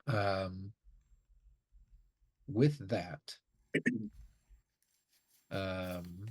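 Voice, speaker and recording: A man narrating as game master, halting with many fillers. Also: sits low, expressive, husky.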